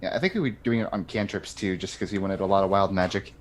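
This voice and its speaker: Quick-explaining male tabletop player. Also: low-pitched, a little hiss or hum. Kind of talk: casual tabletop play chat.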